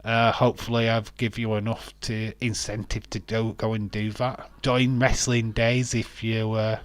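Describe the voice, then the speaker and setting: A man's voice: fairly low pitch, little pitch movement, measured pace, no echo. Chatty man streaming. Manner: rambling, laughs often, restarts words. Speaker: wrestling watch-along streamer. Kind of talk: casual live stream chat, reading out viewer comments.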